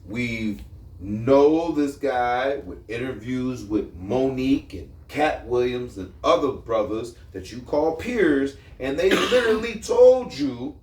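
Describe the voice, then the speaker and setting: Man, podcast co-host, blunt and streetwise, mid-pitched, roomy distant sound. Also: lively intonation, takes it slowly, darkish tone, slight background noise. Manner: blunt, explains at length, streetwise slang. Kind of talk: casual opinionated chat. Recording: echoey room, mic at a distance.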